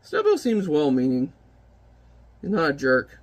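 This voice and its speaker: High-voiced man, chatty comic reviewer. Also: lively intonation, moderate pace, muffled recording. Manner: wry, chatty, offhand remarks. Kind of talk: casual commentary.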